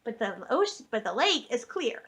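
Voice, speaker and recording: A woman's voice: on the high side, very animated, normal speed. A woman, vlogging in a rambling, chatty way, laughing often and correcting herself mid-sentence. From Michigan, USA. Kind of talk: casual vlog chat.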